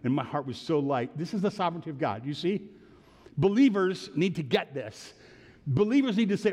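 A man's voice: on the high side, animated, a little fast, a little mellow, long reverb tail. A man preaching a sermon in an earnest, conversational storytelling way, lifting into emphatic prayer. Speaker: pastor.

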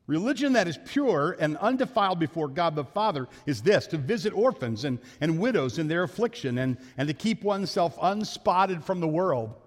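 A man preaching a sermon as pastor, talking fast and telling jokes in a church sanctuary. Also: fairly high pitch, animated. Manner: fast-talking, joking storyteller. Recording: long hall reverb.

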